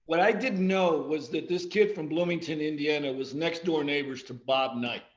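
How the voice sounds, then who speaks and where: A man being interviewed on a podcast, telling lively anecdotes and quoting the people in them. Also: a little high, normal speed, reverberant, lo-fi sound. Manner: animated anecdotes, quoting others. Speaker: guest, athletic director and former coach. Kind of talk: storytelling in a casual podcast interview.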